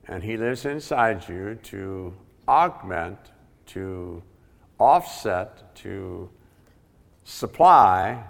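A man's voice: on the low side, gravelly. A man preaching a sermon emphatically, repeating key words for weight, recorded with the long reverb of a large hall. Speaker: pastor.

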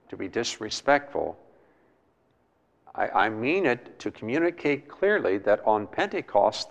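Gravelly preacher with a lively delivery. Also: male voice, fairly low pitch, dull audio. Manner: emphatic, repeats words, asks the listeners questions. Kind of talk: sermon. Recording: long hall reverb.

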